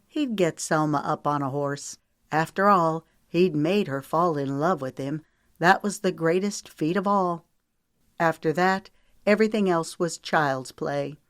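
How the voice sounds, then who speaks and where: A woman with a low voice narrates a romance audiobook, steady and measured. She sits close to a studio mic in a dry, dead room with no echo. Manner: smooth, measured storytelling. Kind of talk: scripted narration.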